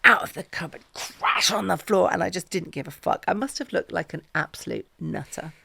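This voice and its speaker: A middle-aged woman, a podcast guest, talks in a low, gravelly voice. She swears freely and acts out the dialogue. The sound is close and dry. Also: normal speed, bright, forceful tone, no echo. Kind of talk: casual storytelling chat.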